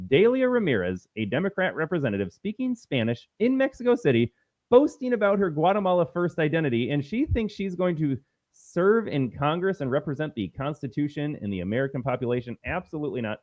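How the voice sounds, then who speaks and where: Combative male political streamer, lively pitch. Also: brisk, dry recording, narrow, tinny audio. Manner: combative, repetitive, emphatic. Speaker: host. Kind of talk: political commentary livestream.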